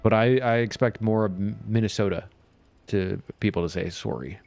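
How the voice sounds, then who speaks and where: A man's voice: on the low side, normal speed, vocal fry, a little mellow. A man chatting casually while streaming a game, rambling along and chuckling often. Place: home.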